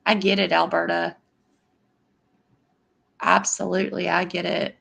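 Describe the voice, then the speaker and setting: A woman's voice: lowish voice, flat delivery, unhurried, vocal fry, a bit bright, husky. A middle-aged woman hosting a casual livestream chat, speaking affectionately and answering viewers' comments by name. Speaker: livestream host.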